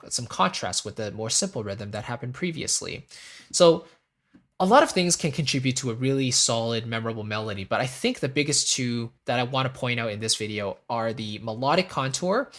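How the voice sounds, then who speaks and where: A man teaching a music theory lesson in a relaxed, casual way, pausing to hum melody lines on "da". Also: mid-range voice. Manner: explains calmly, hums melodies on "da".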